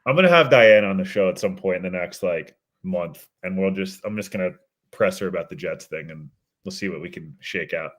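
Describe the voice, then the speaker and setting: Male podcast guest, low-pitched, monotone delivery, chuckles a lot. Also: a little fast. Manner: self-deprecating, chuckling, calls his voice monotone. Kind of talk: casual sports chat.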